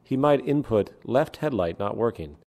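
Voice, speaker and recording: A man giving scripted documentary narration, explaining ideas in a measured, deliberate way. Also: medium pitch, animated, a little mellow.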